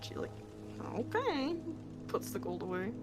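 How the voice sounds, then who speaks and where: Playful higher-voiced woman at a game table. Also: sing-song, normal speed, music in the background. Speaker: player. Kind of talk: casual tabletop play.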